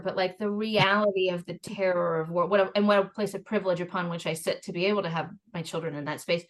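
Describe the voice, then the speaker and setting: A woman hosting a podcast, chatting casually in long rambling stories with quick asides. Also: on the low side, fairly even intonation. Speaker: podcast host.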